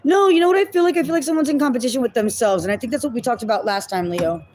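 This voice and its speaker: A woman's voice: fairly high pitch, rapid-fire, a little mellow, slight background noise, poor audio. A woman giving a casual tarot reading to her viewers, chatty, thinking aloud and laughing at herself as she goes. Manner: addresses viewers as y'all and my loves. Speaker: tarot reader.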